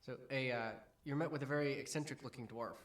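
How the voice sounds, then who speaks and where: A man narrating a tabletop game as game master, hesitant and filling pauses as he describes scenes. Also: medium pitch, steady tone, a bit bright. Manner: hesitant, many ums and restarts.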